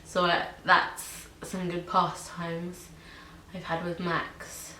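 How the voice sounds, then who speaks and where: Young woman vlogger from Britain or Ireland, lowish even voice, rambling and chatty, in an echoey room with a faint hiss. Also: slow. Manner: chatty, many ums and likes. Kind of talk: casual pet tag video.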